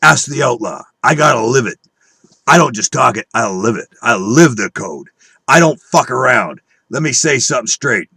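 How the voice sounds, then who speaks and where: A man's voice: mid-range voice, lively intonation, normal speed, gravelly, sharp tone, slightly rough, dry recording. A man delivering a profane, combative rant at his viewers, scornful and preaching, with a dry close recording. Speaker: online video speaker. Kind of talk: angry conspiracy rant.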